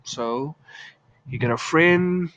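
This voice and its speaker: A man's voice: fairly high pitch, takes it slowly, fairly bright tone, no room sound, dull audio. A man teaching English in a casual video lesson, chatting through examples and acting out short lines.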